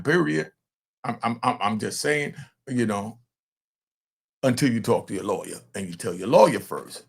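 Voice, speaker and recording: An older man with a gravelly, husky voice runs a casual commentary show. He talks straight to his viewers in an animated, blunt way, like a grandfather holding court. His pitch sits in an ordinary middle range. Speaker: commentator host.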